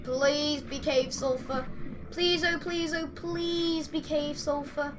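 Over music, a woman's high voice holds a steady tone at a slow pace. As she plays, she provides gameplay commentary, chatty and exasperated with the on-screen creatures she speaks to.

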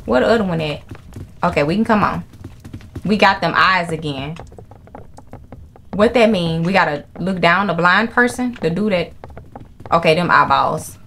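A young woman commentating her horror gameplay, excitable and profane, with jumpy reactions. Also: fairly low pitch, moderate pace, pauses often, slight background noise. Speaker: gaming channel host. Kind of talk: live horror game commentary.

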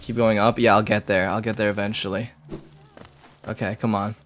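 A man's voice: fairly low pitch, little pitch movement, normal speed, a little hiss or hum. A young man streaming a game live, talking to himself in jumpy, nervous chatter and swearing often. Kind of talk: live gameplay commentary.

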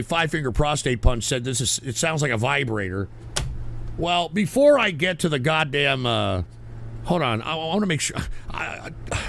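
A man hosting a call-in show, loud, abrasive and swearing as he banters with callers. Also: on the high side, slight background noise. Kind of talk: profane call-in radio banter.

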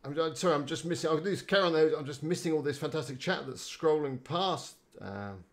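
A man's voice: on the high side, a little fast. A man chatting casually on a live stream, rambling and greeting viewers by name. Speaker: live-streaming website builder.

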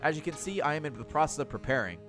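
A man's voice: fairly high pitch, animated, rapid-fire, music in the background, close to an everyday voice. A man voicing a stern, haughty older woman who works as a spirit medium, speaking formally while reading game dialogue aloud.

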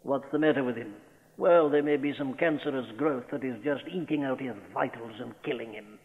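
A man's voice: mid-range voice, fairly quick. A man preaching a sermon, earnest and emphatic, posing rhetorical questions, from an old radio broadcast recorded in a church. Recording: old radio broadcast recording in a large hall, thin and phone-like.

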